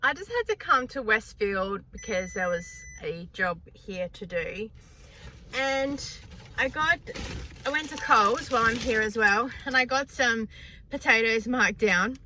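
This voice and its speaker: A woman's voice: a little high, lively intonation, a little slow, bright, forceful tone, a little hiss or hum. A middle-aged Australian woman chatting casually in a vlog, laughing often and retelling moments with playful voices. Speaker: frugal living vlogger.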